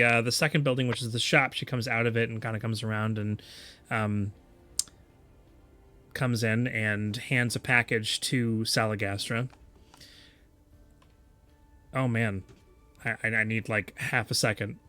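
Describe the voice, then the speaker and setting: A man's voice: mid-range voice, steady tone, measured pace, pauses often, pushed and bright, soft background music. A man narrating as game master in a tabletop game, hesitant with many fillers.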